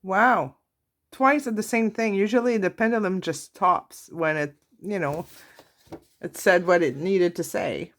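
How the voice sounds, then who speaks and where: A woman giving a tarot reading, talking softly and slowly as she reads out card messages to her viewers. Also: lowish voice. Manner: soft, warm-hearted, reads card messages aloud. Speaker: tarot reader. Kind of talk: slow, intimate tarot reading.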